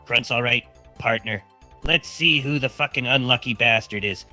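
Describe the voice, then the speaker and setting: Brief: man as a bright-voiced AI co-host, folksy, reads stage directions aloud. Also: mid-range voice, normal speed, faint music behind. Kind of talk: casual commentary.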